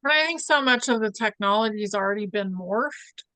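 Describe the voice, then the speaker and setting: A woman in a casual spiritual chat, relaxed and reflective. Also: mid-range voice, moderate pace, dry recording.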